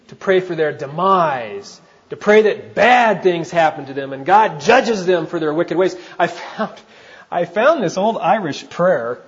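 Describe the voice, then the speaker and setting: A man preaching from the pulpit, with a voice that sits a bit high for a man. He talks in a conversational way and puts questions to his listeners. The recording is dull and lo-fi. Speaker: pastor. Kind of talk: sermon.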